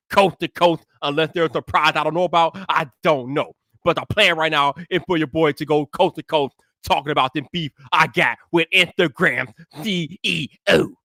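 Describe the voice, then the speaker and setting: A man hosting a live tech podcast, his voice bright and forward and a touch higher than most men's. He talks in a relaxed, slangy way, greeting viewers by name, and gets loud and pumped when he kicks off the show. The sound is close and dry, with almost no room behind it. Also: no room sound. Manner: hypes up his intro with shouted, high-energy greetings. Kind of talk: casual live-stream podcast chat.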